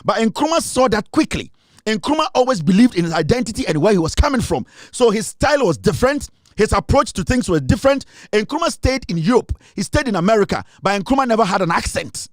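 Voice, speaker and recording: A Ghanaian man with a high-pitched voice delivers a heated political rant. He sounds scornful and repeats his points. The recording is dry and close. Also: sing-song, fast talker, no echo. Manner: heated, scornful, repetitive, switching into Twi. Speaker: political commentator. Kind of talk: impassioned political monologue.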